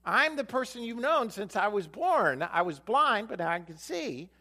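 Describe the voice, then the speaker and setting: A man's voice: high-pitched, sing-song, moderate pace, bright, forceful tone. A man preaching a sermon, retelling a Bible story and acting out its dialogue, with repeated phrases for emphasis. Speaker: pastor.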